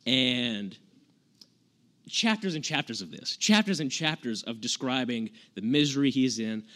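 A male preacher giving a relaxed, conversational sermon. He speaks at a middle pitch and retells old stories in modern, casual phrasing. He often restarts his sentences as he searches for words. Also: a little slow. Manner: conversational, earnest, retells scripture in everyday words. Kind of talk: informal sermon.

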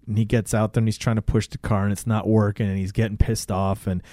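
Homem de voz quente e relaxada, em papo descontraído, recontando cenas com palavrões e imitando as falas, gravação seca e próxima. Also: male voice, lowish voice, fast, no room sound, clean studio sound. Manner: animated retelling, swears a lot, acts out lines. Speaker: podcast co-host. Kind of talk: casual movie recap chat.

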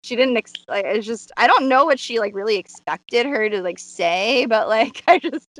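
A woman's voice: a little high, expressive, moderate pace, a bit bright, no room sound. A woman hosting a casual podcast, recapping a show in a chatty way with many fillers and acted-out quotes. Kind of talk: casual chat.

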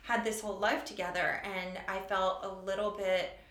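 Woman in her 40s, chatty and wry, mid-pitched voice, echoey room. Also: flat delivery, fairly bright tone. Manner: chatty, quick storytelling with wry humor. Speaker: author and show creator guest. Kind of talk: casual interview chat.

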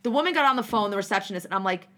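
A young woman from New Jersey telling a rambling, animated story in casual chat, swearing freely and acting out what people said, with many restarts. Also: medium pitch, very fast.

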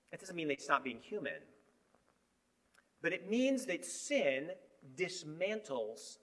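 A high-voiced man delivers a sermon with a lively, swooping pitch. He moves from emphatic bursts to hushed, low asides as he talks to the congregation. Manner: animated, shifting between emphatic and hushed. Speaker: preacher.

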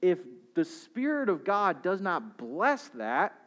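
A man's voice: sits high, wildly swooping pitch, takes it slowly, a bit bright. A man preaching a sermon as a pastor, explaining scripture with rhetorical questions and shifting pace and volume.

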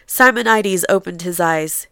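Woman podcast host, stuffy nasal sick voice, lowish pitch, dry close sound, reading aloud. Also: measured pace, gravelly, bright, forceful tone, clear, resonant tone, no echo. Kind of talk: reading a narrative passage aloud.

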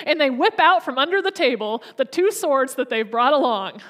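A woman's voice: sits high, expressive, a little fast, fairly bright tone. A young adult woman preacher who retells a story in a chatty, conversational sermon. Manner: chatty, conversational, frequent restarts.

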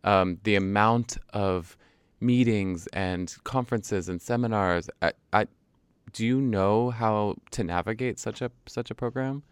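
A man's voice: fairly low pitch, a little slow, smooth, no echo. A man co-hosting a podcast, joking lightly and steering the talk from one topic to the next. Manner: joking, upbeat, leads the topics. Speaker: podcast co-host. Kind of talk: casual podcast chat.

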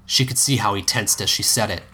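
A man narrating a story in a somewhat low voice, steady and even, now and then stopping to correct a word. It sounds like a hobby reading of fan fiction. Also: brisk, a little hiss or hum.

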